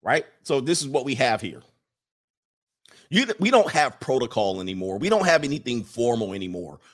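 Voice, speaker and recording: His mid-range voice has a sing-song lilt and a moderate pace. He's an American streamer ranting comically and casually, preaching to viewers and reading their comments.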